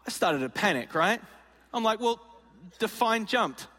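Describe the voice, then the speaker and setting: Bright, high preacher in a hall. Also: male voice, expressive, a little slow. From Australia. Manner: playful storyteller acting out voices. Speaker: pastor. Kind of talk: sermon with comic storytelling. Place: large auditorium.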